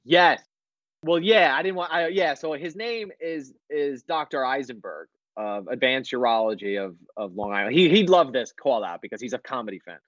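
A man's voice: medium pitch, expressive, moderate pace, a bit bright, no room sound, dull audio. A man, a comedian and podcast co-host, telling a story in casual chat, acting out both sides and laughing often.

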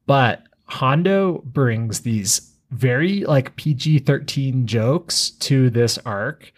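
A man's voice: mid-range voice, lively intonation, slow pace. Wry man co-hosting a podcast. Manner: wry, analytical, retelling scenes. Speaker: podcast co-host. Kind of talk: casual chat recapping a cartoon.

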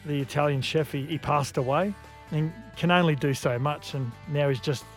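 A man's voice: a little high, steady tone, normal speed, faint music behind. A man telling dad jokes and laughing at his own punchlines. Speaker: joke teller.

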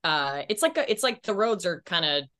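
A woman's voice: on the low side, very animated, moderate pace, pushed and bright. A woman actress as a podcast guest, telling candid, self-deprecating stories in casual chat.

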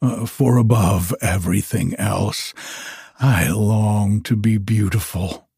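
A man voicing a gloomy young male glass blower, speaking slowly in a low, flat way. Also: creaky, breathy edge, no echo, studio quality, full character voice. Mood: eager.

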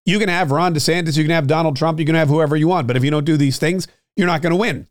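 A man's voice: on the high side, fast, dry recording, studio quality. Opinionated man hosting a solo political show. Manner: opinionated, talks straight to listeners with frequent fillers and restarts. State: clearing his throat, slightly choked up. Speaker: political podcast host.

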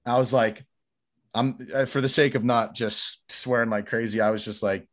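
A man telling a long story in casual podcast chat, getting loud and sweary as he relives his anger. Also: medium pitch, normal speed. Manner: animated, swears freely, gets louder recounting anger.

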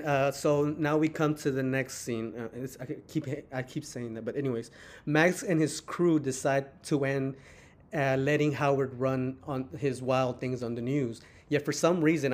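A man hosts a podcast and retells movie scenes in a loose, rambling way, full of fillers. His voice sits at an ordinary mid pitch. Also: a little mellow. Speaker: podcast host. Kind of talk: casual chat, retelling film scenes.

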